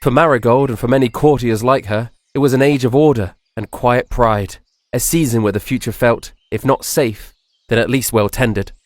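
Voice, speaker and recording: A man narrating a fantasy story in a measured, soft-spoken, descriptive scripted style. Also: mid-range voice, steady tone, no echo, clean studio sound.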